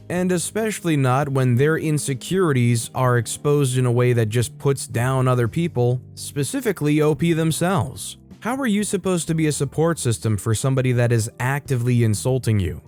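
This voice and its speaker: A man's voice: mid-range voice, moderate pace, hardly any pauses, a little mellow, faint music behind. A man hosting a storytelling channel, reading online stories aloud and adding casual, opinionated comments between them.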